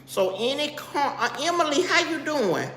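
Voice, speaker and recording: A middle-aged woman chatting on a live stream in a slightly high, gravelly voice. She is blunt and keeps breaking off to greet viewers by name. The room is echoey, with a long reverb tail. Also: sing-song, normal speed, a bit bright, slight background noise. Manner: blunt and straight-talking. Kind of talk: casual live-stream chat.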